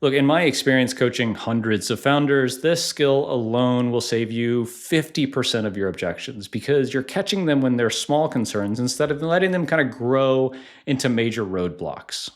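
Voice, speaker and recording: A man's voice: medium pitch, animated, moderate pace. A man coaching on sales in a conversational teaching style, acting out sample questions. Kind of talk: instructional talk to camera.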